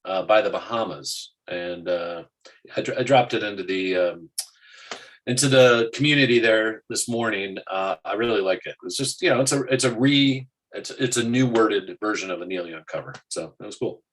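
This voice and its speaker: A man's voice: lowish voice, moderate pace, a bit bright, poor audio. A man co-hosting a casual market show, rambling with many restarts and fillers. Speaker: co-host.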